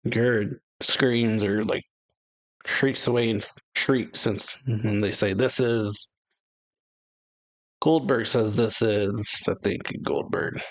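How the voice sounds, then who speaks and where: A man's voice: lowish voice, takes it slowly, no echo. A man hosting a reaction video, casually retelling a comic chapter, rambling and correcting himself. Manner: rambling, with self-corrections and laughter.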